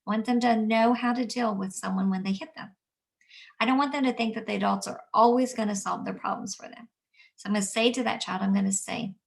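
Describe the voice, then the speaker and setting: A woman who teaches young children, explaining calmly and gently and acting out what she says to kids. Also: medium pitch, fast talker, gravelly, distant mic. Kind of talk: instructional talk. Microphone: camera mic at a distance.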